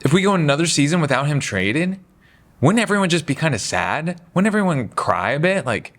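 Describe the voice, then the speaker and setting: Male sports talker, casual and opinionated, mid-range voice, lively asides. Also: medium pitch, a little fast. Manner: chatty, animated, does mocking voices for quotes. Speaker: basketball commentary host.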